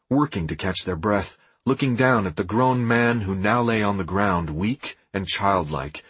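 A man reading an audiobook in a dramatic, expressive scripted narration. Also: fairly low pitch, husky, no room sound.

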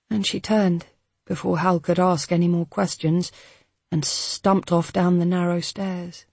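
A reader narrating a novel in a measured, even storytelling delivery. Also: mid-range voice, vocal fry, breathy edge, no echo. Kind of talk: scripted audiobook narration.

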